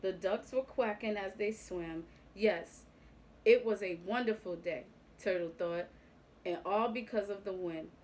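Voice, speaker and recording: A young woman reading a picture book aloud to young children, clear and expressive with the animal sounds. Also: medium pitch, unhurried, poor audio. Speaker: youth club reader.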